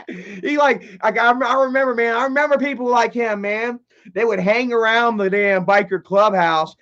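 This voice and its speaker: A man hosting a casual livestream, reading chat and commenting in an excitable, profane way that swings from loud outbursts to low muttering. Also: unhurried. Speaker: livestream host. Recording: dull lo-fi stream audio.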